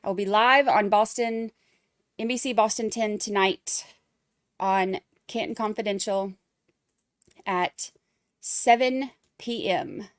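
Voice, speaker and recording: A woman's voice: mid-range voice, slow pace, long pauses, no room sound, clean studio sound. A woman hosting a casual livestream, chatting with viewers and reading their messages aloud with plenty of fillers. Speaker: livestream host.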